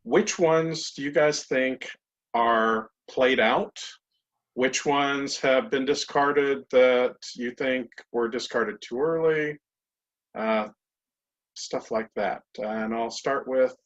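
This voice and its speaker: A man moderating a panel over a video call, putting his questions together in halting pieces. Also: medium pitch, a bit bright. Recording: dull lo-fi video call audio.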